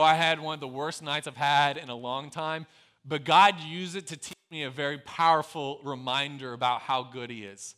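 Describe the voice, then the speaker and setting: Young man, pastor, sermon, earnest storytelling, high voice, bright tone. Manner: storytelling, earnest, dropping to a soft hush in prayer.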